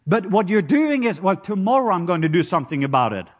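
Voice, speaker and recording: A man's voice: high-pitched, sing-song, quick pace. A man with a Norwegian accent preaching a sermon, telling stories and joking with the congregation. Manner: storytelling, playful asides to the congregation.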